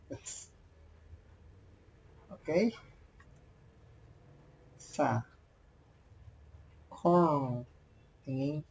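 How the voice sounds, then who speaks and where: A man teaching vocabulary in a slow lesson, repeating each word and phrase in halting English. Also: medium pitch, darkish tone, rough recording. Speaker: language teacher.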